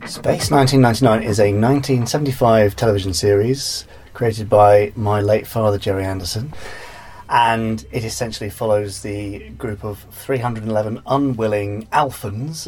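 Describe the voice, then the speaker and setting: Low husky male interviewee. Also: a little mellow. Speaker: script editor.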